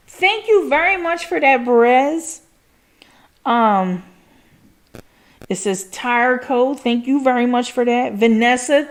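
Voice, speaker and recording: A woman hosting a casual livestream chat, talking loosely with lots of "like" and swearing, and gushing thanks to her viewers. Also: medium pitch. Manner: casual, frequent swearing and filler "like". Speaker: livestream host.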